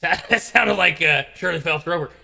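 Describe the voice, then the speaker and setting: A comedian impersonates a bombastic talk-show ranter in a gravelly, raspy, high-set, exaggerated voice, stumbling through fillers before booming out his outrage in shouted bursts. The blustering, halting parody rant sounds sharp, forceful, and ranting in mood.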